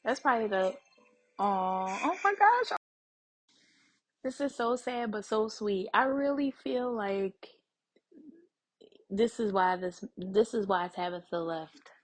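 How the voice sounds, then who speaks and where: A woman's voice: fairly low pitch, breathy edge, low-quality recording. A young adult woman hosting a TV reaction video, chatting casually to her viewers and thinking aloud with plenty of fillers.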